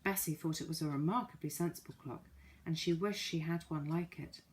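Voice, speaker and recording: A woman reading a children's storybook aloud in a calm, even manner. Her voice sits on the lower side for a woman. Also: brisk, slight background noise. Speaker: audiobook narrator. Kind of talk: scripted children's story narration.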